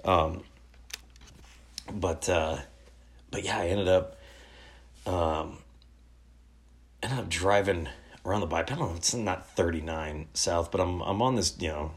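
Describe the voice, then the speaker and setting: A man's voice: sits low, measured pace, pauses often. A man in his thirties telling casual, rambling stories, laid-back and full of swearing. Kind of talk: casual storytelling.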